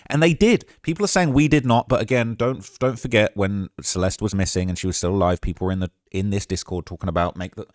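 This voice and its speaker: A man hosting a commentary video, reading out chat messages and reacting to them in a casual, quick-fire way. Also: fairly low pitch, no room sound, studio quality. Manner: fast, casual, talks over quotes with quick asides. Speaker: commentary channel host.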